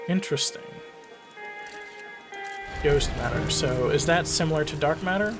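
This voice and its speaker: A man's voice: on the high side, measured pace, pauses often, music in the background. A man thinking aloud as he plays a game, musing and asking himself questions between fillers. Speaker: let's play host. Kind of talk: casual gameplay commentary.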